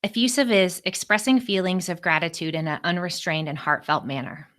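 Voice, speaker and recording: A woman speaker telling a personal story to a group in an expressive, animated way. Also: lowish voice, a little fast. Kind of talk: storytelling talk to a live group.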